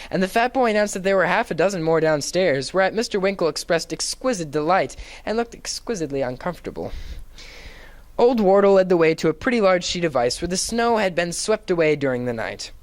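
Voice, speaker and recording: Man, dramatic reader, expressive, theatrical, fairly high-pitched. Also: a little fast. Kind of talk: dramatic reading of a classic novel.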